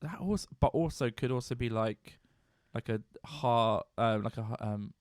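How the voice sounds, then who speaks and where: A man's voice: mid-range voice, moderate pace, a little mellow, no echo, clean studio sound. A British man co-hosting a podcast, chatting casually with playful, teasing banter. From Britain. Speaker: podcast co-host. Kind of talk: casual chat.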